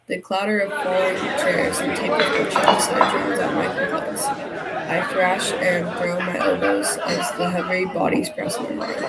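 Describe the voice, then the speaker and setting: A woman's voice: lowish voice, rough recording. Woman streamer reading a game aloud. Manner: animated, breaks off into excited outbursts and jokes to chat. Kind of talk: reading a story game aloud with live reactions. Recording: game music and crowd sounds behind the voice. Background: game music and tavern crowd noise.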